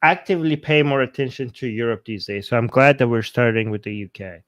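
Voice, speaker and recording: A man co-hosting a news talk show in a relaxed way, asking questions and chiming in. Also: medium pitch, a little fast. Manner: relaxed, asks questions and agrees briefly. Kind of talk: casual news discussion.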